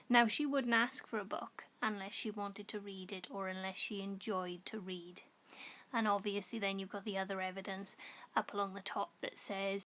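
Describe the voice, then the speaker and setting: A woman's voice: mid-range voice, fairly even intonation, moderate pace, a bit bright. Patient woman teacher explaining a reading lesson. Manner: patient, clear explaining to children. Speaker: primary school teacher. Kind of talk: recorded home-learning lesson.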